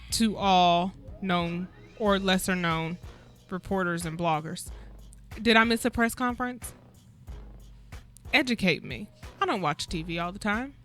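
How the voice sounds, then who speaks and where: A woman's voice: mid-range voice, fairly bright tone. Sarcastic woman co-hosting a talk show. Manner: incredulous, sarcastic, rhetorical questions. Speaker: guest co-host. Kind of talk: casual talk show chat.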